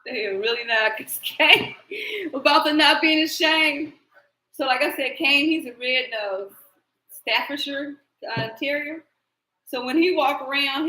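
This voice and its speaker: Live-stream host, woman, high bright voice, loose storytelling with laughs and cursing, echoey room. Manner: animated storyteller, laughs often, swears. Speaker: tarot reader hosting live stream. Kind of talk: rambling live-stream chat.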